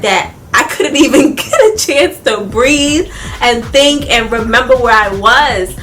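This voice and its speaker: A young woman telling a casual storytime vlog, animated and laughing often, talking straight to her viewers. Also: sits high, takes it slowly, slight background noise. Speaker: vlogger.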